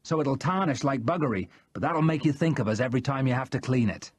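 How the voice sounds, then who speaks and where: A man's voice: mid-range voice, lively intonation, fast, slightly rough. A male narrator voicing a blunt, joking boatyard worker. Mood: cheeky.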